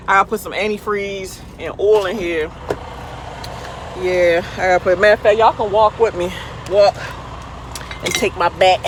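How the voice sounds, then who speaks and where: A woman truck driver chatting casually and playfully with her livestream viewers, speaking into a phone. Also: mid-range voice. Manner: playful, goofy, talks back to viewers' comments. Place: outdoors by a truck at night. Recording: faint outdoor vehicle noise.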